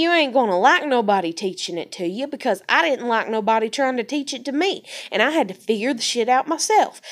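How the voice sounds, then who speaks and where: Foul-mouthed, heated woman ranting to camera. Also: high voice. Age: adult with a daughter. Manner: profane, heated, swearing constantly; Southern-style speech with y'all and fixing to. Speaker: vlogger. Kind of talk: blunt personal rant to camera.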